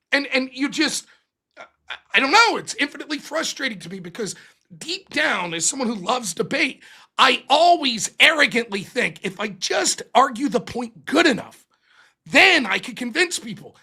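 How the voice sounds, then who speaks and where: A man hosting a live-streamed political commentary show, ranting in an exasperated, animated and profane way. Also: extremely high pitch, moderate pace. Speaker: livestream political commentary host.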